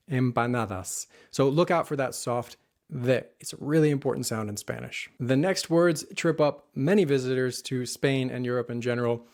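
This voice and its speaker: Guy from the us teaching spanish pronunciation, says words slow and careful. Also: mid-range voice. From United States. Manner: clear, careful modeling of words. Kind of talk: online language lesson.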